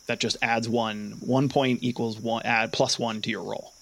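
A young man narrating a tabletop game as its game master. He describes scenes in a halting way, full of fillers and restarts, and laughs easily between lines. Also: mid-range voice, level tone, creaky, a bit bright. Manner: hesitant, many fillers, laughs often.

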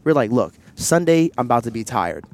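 A man's voice: medium pitch, lively intonation, quick pace. Candid rambling man on a headset mic. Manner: candid, rambling storytelling with many fillers and asides. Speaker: podcast host. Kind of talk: casual chat. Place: outdoors in public, wearing headsets.

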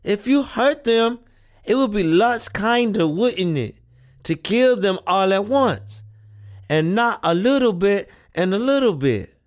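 A woman voicing an earnest, thoughtful seven-year-old boy, who speaks slowly and questioningly in an audio play reading. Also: mid-range voice, expressive. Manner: slow, earnest childlike questioning.

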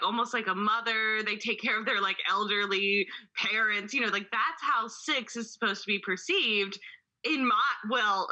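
A woman's voice: medium pitch, sharp tone, poor audio. A woman co-hosting a podcast in casual chat, loose and chatty, swearing and laughing as she goes. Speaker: podcast co-host.

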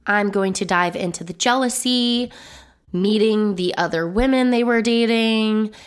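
A woman hosting her own podcast solo, her voice a bit hoarse and not fully recovered, chatty and upbeat as she runs through lists. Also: mid-range voice, unhurried. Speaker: podcast host and business coach.

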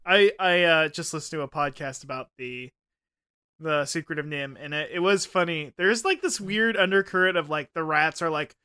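A young man trading jokes in a casual podcast chat, laughing often. His voice is high and bright. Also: normal speed, clean tone. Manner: wisecracking, laughs a lot. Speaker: podcast co-host.

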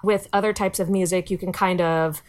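A woman's voice: fairly low pitch, fairly even intonation, moderate pace, slight background noise. A woman comedian guest, wry and rambling, laughing as she chats casually. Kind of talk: casual chat.

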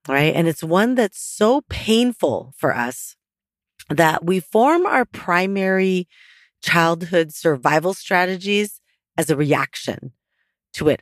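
Husky-voiced woman hosting a podcast. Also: on the low side, no room sound, studio quality. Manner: casual and chatty, with laughs and "like" fillers. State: hoarse from losing her voice. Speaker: podcast host. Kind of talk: solo podcast talk on psychology and mindfulness.

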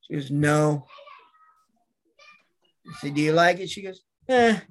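A middle-aged wrestler and manager, appearing as an interview guest, tells casual anecdotes and acts out the voices of people in his stories. His voice is a little high with lively intonation, and he speaks unhurriedly.

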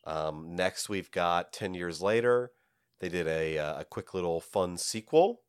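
A man co-hosting a casual podcast chat, animated and giggly, filling gaps with ums. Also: low-pitched, a little slow, clear, resonant tone, no echo, studio quality. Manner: animated, giggly, trails off with filler words. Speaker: podcast co-host. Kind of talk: casual chat about comics.

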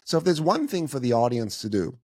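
Middle-aged male podcast guest, animated teacher manner, mid pitch, dry close recording. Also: a little fast, husky, no room sound. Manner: animated, acts out quoted voices with big pitch jumps. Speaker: podcast guest, communication educator. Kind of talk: casual interview talk.

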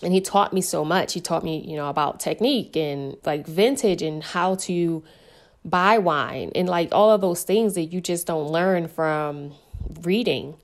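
Woman somm telling stories in an interview, lowish voice, super chatty and candid. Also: measured pace. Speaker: sommelier guest. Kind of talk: casual interview storytelling.

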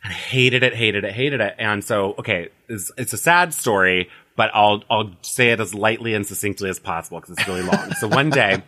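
A man's voice: on the low side, a little fast, few pauses, sharp tone. A man telling his life story in a casual interview, chatty and full of "like" fillers. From United States. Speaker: astrologer, podcast guest.

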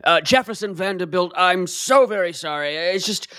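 A man voicing a pompous, condescending rich gentleman in an improvised comedy scene. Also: high voice, expressive, moderate pace, no echo, clean studio sound. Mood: blustering.

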